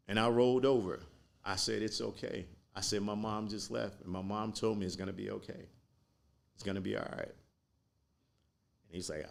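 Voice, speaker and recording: Low gravelly guy on a podcast telling his story slow and earnest. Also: steady tone. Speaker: podcast guest. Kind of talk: personal storytelling.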